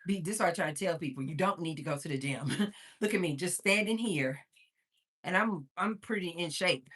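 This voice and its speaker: This Missouri woman's voice sits on the low side, husky and fairly bright, and she talks a little fast. Hosting a casual livestream, she chats, laughs often and reads viewer comments aloud, slightly out of breath from moving around.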